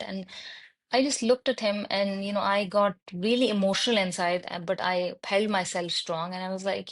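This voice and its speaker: A woman in her thirties, a podcast guest telling candid stories about raising her children in an unhurried, reflective way. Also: steady tone. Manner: unhurried, reflective, voices her son's lines higher. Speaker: podcast guest, mother of autistic twins. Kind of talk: candid personal storytelling.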